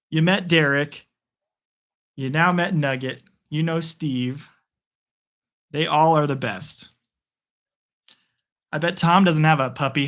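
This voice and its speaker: A man's voice: a little high, a bit bright. A man chatting at home with viewers and calling the plays of a game live into a propped-up phone. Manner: chatty, rambling, talks to viewers. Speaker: streamer giving live play-by-play. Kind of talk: casual live play-by-play and chat. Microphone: phone propped on a picture frame.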